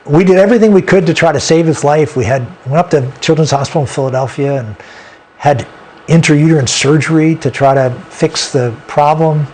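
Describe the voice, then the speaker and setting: A man's voice: fairly high pitch, a little mellow, slight background noise. Earnest man telling a personal story. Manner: earnest and halting, with frequent restarts. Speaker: interview guest. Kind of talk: personal storytelling in a sit-down interview.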